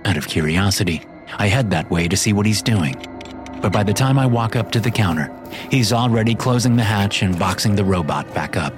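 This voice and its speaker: A man narrating a first-person horror story in a wry, deadpan way. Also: lowish voice, fairly quick. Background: music.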